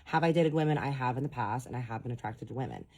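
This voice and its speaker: Woman, low deep voice, chatty storytime vlogger talking to her viewers. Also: fast talker, mellow, husky. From Dallas, Texas. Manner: chatty, addresses viewers directly. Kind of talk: casual storytime vlog.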